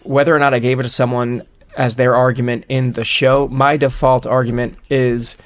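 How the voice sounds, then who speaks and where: A man's voice: medium pitch, level tone, normal speed, clean tone. A man co-hosting a podcast, reasoning through a hypothetical in casual, rambling chat with a wry edge. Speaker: podcast co-host.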